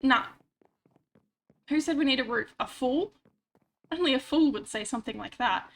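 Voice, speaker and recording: A woman's voice: high voice, normal speed, gravelly, a bit bright. Chatty woman, stuffy-nosed. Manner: chatty, rambling, self-mocking asides. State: stuffy nose. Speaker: livestreamer. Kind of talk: casual chat while gaming. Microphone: desk microphone.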